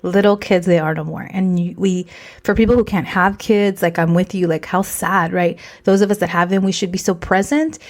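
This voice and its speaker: A woman's voice: on the low side, steady tone, normal speed. A woman in her forties, co-hosting a podcast, speaking candidly and emotionally and slipping Spanish phrases into her English. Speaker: podcast co-host. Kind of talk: emotional casual chat.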